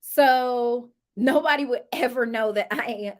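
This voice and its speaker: A woman's voice: on the high side, a little slow. A woman with a Southern accent, chatting casually as she reviews a reality show for her viewers, laughing often and addressing them as y'all. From United States. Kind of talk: casual live review chat.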